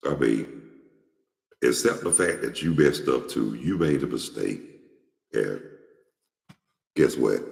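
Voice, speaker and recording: Here a man with a very deep, creaky voice runs his own show, addressing viewers head-on in a casual, opinionated ramble. His talk is slangy and outspoken, studded with restarts and repetition, all captured in a reverberant, echoey room.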